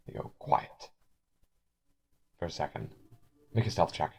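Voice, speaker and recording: A man's voice: deep voice, a little slow, gravelly, long pauses, a little mellow, breathy edge. A man narrating as game master, rambling with frequent restarts. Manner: rambling, many restarts and fillers.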